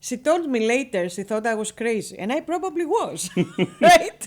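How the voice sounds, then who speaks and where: A woman with a Greek accent, a guest on a radio interview, telling her business story in a lively, chatty way and laughing often. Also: a little high, normal speed. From Greece. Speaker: guest, real estate broker.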